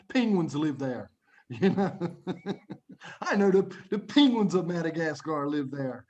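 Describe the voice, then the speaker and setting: Speaking slowly in a slightly high voice, a man teaches English writing to a class of young children, and the recording sounds lo-fi. He's playful and animated, acting out examples in little voices and hushing the class now and then.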